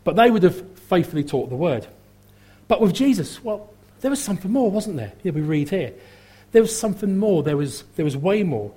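A man's voice: a little high, dark tone, husky. A male preacher giving a sermon at a church service, talking conversationally and putting questions to the congregation.

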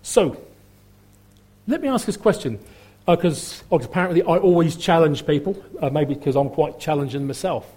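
A man's voice: a little high, expressive, normal speed, darkish tone, slightly rough. A male preacher giving a sermon at a church service, talking conversationally and putting questions to the congregation.

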